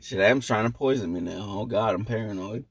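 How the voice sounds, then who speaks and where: A man co-hosting a casual podcast, laid-back and quick to laugh. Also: fairly low pitch, slight background noise. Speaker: podcast co-host.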